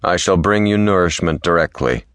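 A stern Viking warlord, as a male narrator puts him on, very deep and slow, commanding with a hidden tenderness. The audiobook sound is dry and close. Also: expressive, fairly bright tone, dry recording. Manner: low, measured and commanding.

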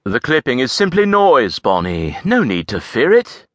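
A male audiobook narrator voicing a calm, commanding man who speaks smoothly and evenly. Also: mid-range voice, normal speed, dry recording, clean studio sound, voice pushed up. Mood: soothing.

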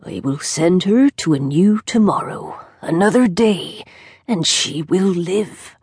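A woman voicing a hoarse old witch who speaks slowly in riddles, with a breathy, whispered edge, for an audiobook. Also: fairly low pitch, lively intonation, darkish tone, dry recording, clean studio sound, full character voice. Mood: cryptic. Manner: slow, riddling, snapping. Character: hoarse old female witch, cryptic and eager. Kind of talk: audiobook character voice.

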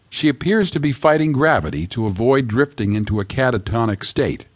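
A man narrating his own story in the first person, measured and descriptive. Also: mid-range voice, no echo, clean studio sound. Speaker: audiobook narrator.

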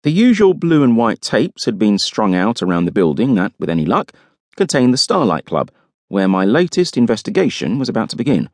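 Low-voiced man narrating an audiobook wryly. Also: very animated, a little fast, a little mellow, dry recording. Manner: wry, dry humour. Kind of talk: scripted first-person narration.

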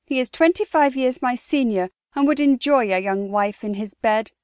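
A woman's voice: fairly high pitch, moderate pace, a little mellow, smooth, dry recording, studio quality, lightly acted. A woman voicing a defiant, fiery young noblewoman in an audiobook, speaking indignantly. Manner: indignant, emphatic. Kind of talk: audiobook character voice.

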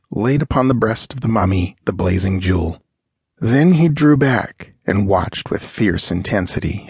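A man narrates a pulp fantasy audiobook, measured and dramatic. His voice sits low with a husky grain, recorded close and dry. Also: dry recording.

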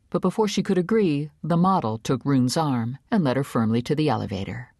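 A woman narrating an audiobook in an expressive, measured storytelling manner on a studio microphone. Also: extremely low pitch, no echo. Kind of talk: scripted narration.

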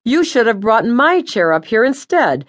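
Woman voicing ghost mother, older, bossy, scolding, blunt, lively pitch. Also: normal speed. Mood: complaining. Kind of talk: audiobook character voice.

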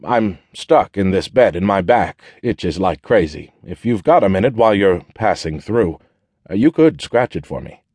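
A man's voice: sits low, animated, normal speed, darkish tone, breathy edge, no echo. A man voicing a wounded man stuck in bed who jokes and teases in an offhand way. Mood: wry. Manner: joking, offhand, teasing.

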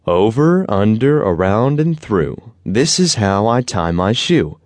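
A man's voice: on the low side, very animated, slow, a little mellow, no echo, full character voice. Man doing a friendly salesman, sing-song and bouncy. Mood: chanting. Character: friendly male shoe salesman.

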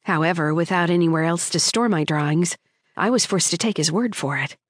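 A woman with a low voice reads a first-person audiobook in a measured, storytelling manner. The recording is dry and close, with no room sound around her. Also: no room sound. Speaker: audiobook narrator. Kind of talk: scripted first-person narration.

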